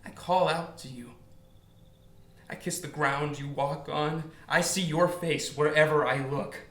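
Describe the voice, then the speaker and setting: Actor as a despairing lovesick young writer. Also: male voice, on the high side, fairly even intonation, measured pace. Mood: anguished. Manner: pleading, with swings from hushed to shouting. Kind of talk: stage drama scene on film. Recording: echoey room.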